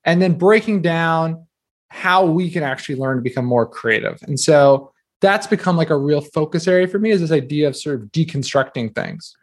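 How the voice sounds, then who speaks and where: Chatty man from New Jersey, slightly high. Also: expressive. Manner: fast, filler-heavy, self-deprecating storytelling. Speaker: guest author. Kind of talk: casual interview talk.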